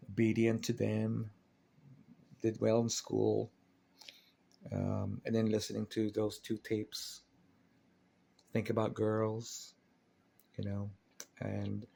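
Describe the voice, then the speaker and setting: Man, low voice, gravelly, casual storytelling, earnest, restarts sentences. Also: dark tone. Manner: rambling, earnest, with many restarts. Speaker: channel host telling his story.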